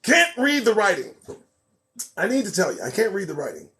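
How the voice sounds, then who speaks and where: A man hosts a live show, reading headlines and mocking them in a sarcastic running commentary. His voice sits high and leaps around wildly. He breaks into laughter between loud bursts and quiet asides. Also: a little fast, a little hiss or hum. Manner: animated, sarcastic, swings between loud outbursts and mutters; laughs a lot between remarks. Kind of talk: live news commentary and riffing.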